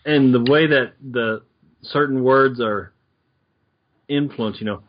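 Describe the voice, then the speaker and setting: Excitable male co-host, husky tone, chatty and reactive, dull lo-fi sound. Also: mid-range voice, takes it slowly. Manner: excitable, laughs often. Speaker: podcast co-host. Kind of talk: casual comic book podcast chat. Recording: dull lo-fi audio.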